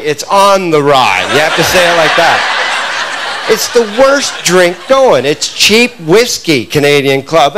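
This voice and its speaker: Fairly high-voiced man doing stand-up. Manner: storytelling, punchy, animated delivery. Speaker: stand-up comedian. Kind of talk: stand-up comedy set. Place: comedy club. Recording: live club recording with noise.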